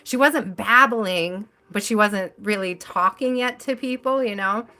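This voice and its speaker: A woman's voice: mid-range voice, unhurried, bright, forceful tone. A woman hosting a live tarot stream, chatting casually and telling stories with frequent laughter. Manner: chatty storyteller, laughs often.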